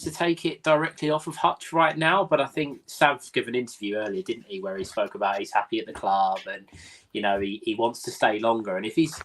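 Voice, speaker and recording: A man co-hosting a football podcast, giving opinions in a measured, chatty way. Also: mid-range voice, a bit bright, slight background noise, low-quality recording. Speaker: podcast co-host. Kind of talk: casual chat.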